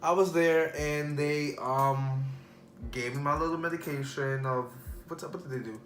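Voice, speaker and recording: A man's voice: fairly high pitch, fairly even intonation, normal speed, fairly bright tone. A man vlogger telling a personal story in a casual, rambling way full of fillers. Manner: rambling, filler-heavy, restarts. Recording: echoey room.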